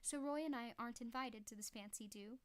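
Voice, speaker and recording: A terse hired gunman, clipped and dry, as a woman reading a novel aloud puts him on. His voice stays fairly high and he never says more than he must. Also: fairly quick, lightly acted. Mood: curt.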